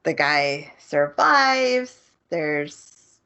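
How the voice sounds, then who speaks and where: A woman co-hosting a podcast, recapping a show's plot in a casual, animated way and acting out the characters' lines. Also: deep voice, drawn-out words, clear, resonant tone. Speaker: podcast co-host. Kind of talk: casual chat. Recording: muffled lo-fi audio.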